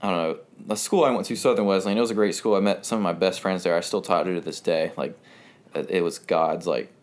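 Speaking quickly in a low, steady tone, a twentysomething North Carolina man appears as a guest recounting his story in casual conversation. His telling wanders, filled with fillers and frequent bursts of laughter.

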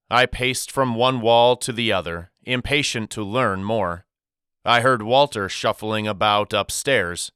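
A man narrating an audiobook chapter as the storyteller, in a measured, reflective manner. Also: lowish voice, sharp tone, smooth, no room sound, clean studio sound. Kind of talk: scripted narration.

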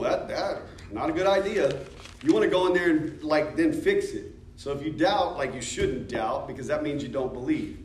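A man with an American accent teaching a church discipleship class in a conversational way, asking the class questions and joking. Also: medium pitch. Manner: conversational, asks the class questions, jokes and laughs. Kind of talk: informal teaching talk. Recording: echoey room from a distance.

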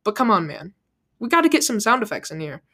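Woman, playful game contestant, casual jokey delivery, mid pitch. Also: very animated, quick pace, fairly bright tone. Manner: playful, jokey, laughs often.

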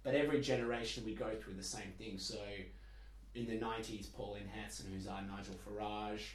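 A man's voice: on the low side, fairly even intonation, fairly quick. A young Australian man, a podcast guest, explaining things thoughtfully with a wry edge. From Perth, Australia. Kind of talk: casual podcast chat. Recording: echoey room, light hiss.

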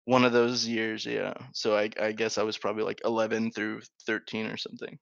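Slightly fast and creaky, a man with a lowish, a bit bright voice delivers everything completely flat, with no echo. As a podcast co-host, he casually tells a profane school story, laughing as he goes, and the sound is dry and slightly dull.

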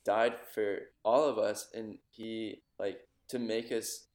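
A man's voice: on the low side, fairly even intonation, slow pace, a little mellow. A man in a casual podcast chat, talking reflectively and searching for words. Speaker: podcast conversation partner. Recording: roomy echo.

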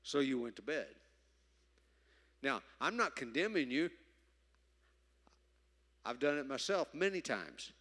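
A man preaching a sermon, emphatic, moving from loud stresses to quiet asides. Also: mid-range voice, big pitch swings, measured pace, long pauses. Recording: reverberant hall.

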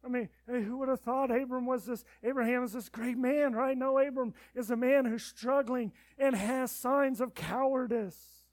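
A man preaching a sermon as pastor, swinging between loud urgent appeals and quiet pleading, then leading a prayer. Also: extremely high pitch, steady tone, normal speed, hardly any pauses, dry recording.

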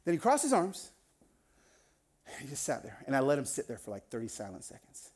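Animated male preacher telling a story. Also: mid-range voice, brisk. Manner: animated, acts out the people in his stories. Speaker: pastor. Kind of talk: sermon with storytelling.

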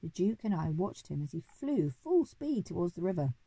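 Gravelly, dark-voiced woman storyteller. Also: lowish voice, big pitch swings, normal speed, no room sound, rough recording. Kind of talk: reading a children's story aloud.

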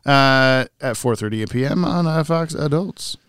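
A man's voice: medium pitch, measured pace, fairly bright tone, smooth, no room sound, studio quality. A young man co-hosting a casual podcast, laughing often and rambling through self-corrections. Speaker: podcast co-host.

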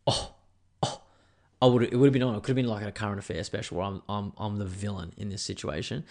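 A man's voice: fairly low pitch, fairly even intonation, fast, darkish tone. A man with an Australian accent hosting a solo podcast, ranting angrily and swearing as he rambles. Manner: angry, profane, rambling. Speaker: podcast host.

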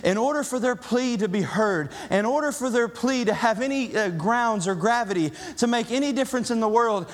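High-voiced Southern preacher in an echoey church. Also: male voice, animated, fairly quick, hardly any pauses. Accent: Southern American. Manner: impassioned preaching, repetitive rhetorical build-ups. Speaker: pastor. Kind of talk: sermon. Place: church sanctuary.

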